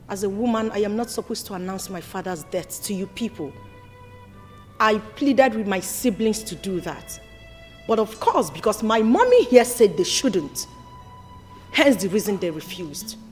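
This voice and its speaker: A woman's voice: medium pitch, natural voice. An actress with a Nigerian accent playing a fiery grown daughter who scolds her family after her father's death. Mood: pleading. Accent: Nigerian English. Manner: scolding, sharp, rapid accusations. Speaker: actor. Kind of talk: Nollywood film acting.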